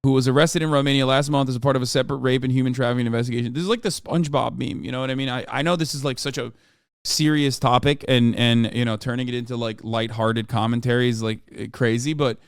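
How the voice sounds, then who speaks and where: A man's voice: mid-range voice, fairly even intonation, quick pace, smooth, dry recording, studio quality. A man streaming a reaction to a news article, heated and profane, rambling in bursts. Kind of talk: reaction commentary.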